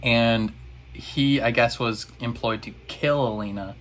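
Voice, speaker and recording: A man's voice: medium pitch, measured pace, fairly bright tone, slight background noise. A man in a casual reaction video, recapping an episode in a rambling, exasperated way.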